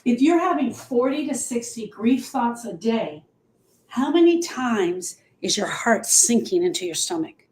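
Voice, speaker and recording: A woman's voice: fairly high pitch, animated, measured pace, darkish tone, roomy sound, poor audio. A woman grief coach teaching on a live show, emphatic and repetitive, speaking straight to her listeners.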